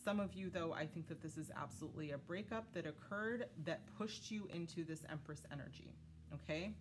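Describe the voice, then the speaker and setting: Woman, low voice, casual tarot reader, chatty, lots of fillers. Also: brisk, background noise. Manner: chatty, many fillers, talks to spirit guides. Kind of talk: casual tarot reading to viewers.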